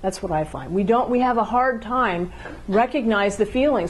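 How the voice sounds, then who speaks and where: A woman's voice: mid-range voice, animated, breathy edge, poor audio. A woman giving a conversational talk on how couples communicate, now and then acting out both partners in an argument. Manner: conversational, acts out quick role-play exchanges. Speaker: relationship speaker.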